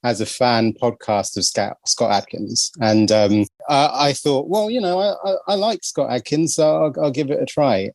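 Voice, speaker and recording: A man's voice: medium pitch, a little mellow, no room sound. Male host, casual chat, dry close-miked voice, laughs easily. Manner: chatty, laughs often, self-deprecating. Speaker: podcast host. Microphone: video call.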